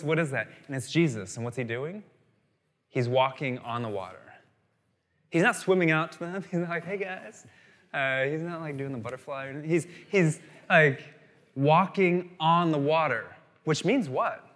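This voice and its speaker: Man preaching in a reverberant hall. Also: mid-range voice. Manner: animated storytelling, swings between loud emphasis and quiet asides. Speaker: pastor. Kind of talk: sermon.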